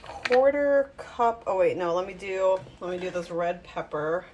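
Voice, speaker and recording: A woman's voice: fairly low pitch, expressive, a little slow, highs cut off, noisy background. A woman talking to her phone while she cooks in her home kitchen, rambling and self-mocking as she thinks aloud. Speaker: home cooking vlogger. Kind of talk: casual talk while cooking.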